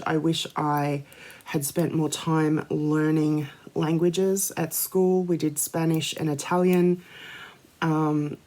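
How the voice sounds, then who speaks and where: Aussie woman, mellow warm voice, trained singer, says every word properly. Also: deep voice. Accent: Australian. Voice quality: trained singing voice. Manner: careful, clear enunciation. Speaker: craft video host. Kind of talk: casual Q&A to camera.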